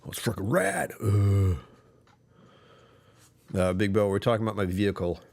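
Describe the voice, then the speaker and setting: A man with a creaky, deep voice that sometimes drops even further speaks at a moderate pace. He's hosting a casual livestream on his channel, chatting with viewers in a rambling, self-deprecating way and chuckling often.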